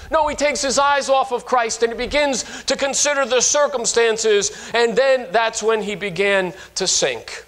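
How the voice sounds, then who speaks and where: A man in his fifties, a pastor preaching a sermon and retelling stories in an animated way, often restarting his sentences. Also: very high-pitched, moderate pace, few pauses. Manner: animated storytelling with frequent restarts.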